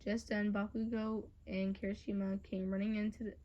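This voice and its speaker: A woman's voice: mid-range voice, flat delivery, normal speed, highs cut off. A young woman narrating a second-person fan story casually, with swearing and frequent asides. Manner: chatty, swearing, self-interrupting asides. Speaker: fan audio creator and narrator.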